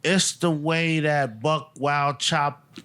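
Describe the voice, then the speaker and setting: A man, a music producer guest in a casual chat, who speaks deliberately and hums beats to explain. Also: a little high, steady tone, pushed and bright, clear, resonant tone. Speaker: guest, hip hop producer.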